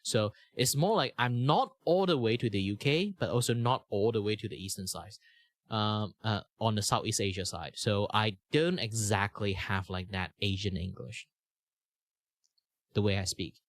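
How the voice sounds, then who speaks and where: A young Malaysian streamer chats casually in a lowish voice at normal speed, his rambling speech full of fillers and restarts. It's recorded on a good mic in a sound-treated home studio with no echo.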